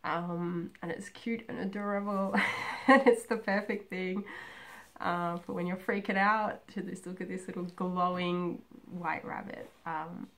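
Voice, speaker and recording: A young woman chatting casually and rambling about herself in a home video, with many pauses and "um"s. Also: lowish voice, fairly even intonation, fairly bright tone. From Australia. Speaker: craft vlogger. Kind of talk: casual personal chat.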